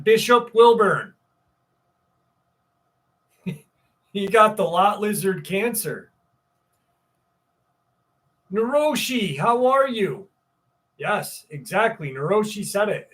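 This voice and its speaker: A man's voice: a little high, fairly bright tone, recorded from a distance. A man hosting a live stream, rambling casually, swearing freely and greeting viewers in the chat. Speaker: livestream host.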